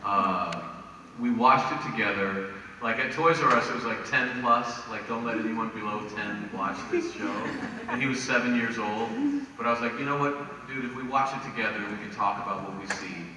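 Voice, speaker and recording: A man telling stories at a fan convention panel, lively and laughing, acting out quotes. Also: on the low side, fairly quick, a crowd in the background. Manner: animated, laughing, acts out quotes. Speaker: convention panel guest actor. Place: large convention hall. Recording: echoey hall from far off, noisy.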